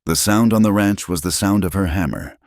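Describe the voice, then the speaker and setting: Deep-voiced dramatic male storyteller. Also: fairly quick, a little mellow, no room sound, clean studio sound. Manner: dramatic, emphatic. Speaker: narrator.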